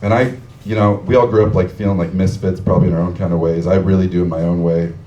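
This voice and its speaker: A man's voice: sits low, steady tone, fast talker, dark tone, dull audio, slight background noise. A man telling a rambling, heartfelt story on stage, full of fillers. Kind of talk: live storytelling tribute. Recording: distant from the mic in an echoey room.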